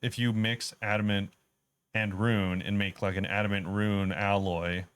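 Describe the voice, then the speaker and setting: Low-voiced easygoing male podcast co-host. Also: little pitch movement, measured pace, fairly bright tone, clean tone. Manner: explains game updates in detail, easygoing. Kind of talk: casual gaming podcast chat.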